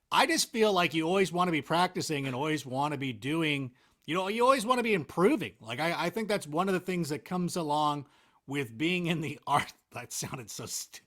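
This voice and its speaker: A man chatting as a guest in a casual interview, with a fairly high voice that swoops up and down a lot. He rambles in an animated, self-mocking way, piling up "like" and restarts. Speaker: interview guest, NFL analyst.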